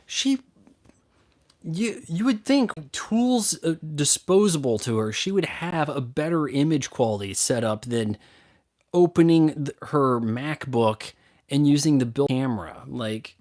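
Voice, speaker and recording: Man, casual q&a rant, blunt, sarcastic, swearing, mid-pitched voice. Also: unhurried, darkish tone. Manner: blunt, sarcastic, mocks others with put-on voices. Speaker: YouTube movie and game critic answering questions.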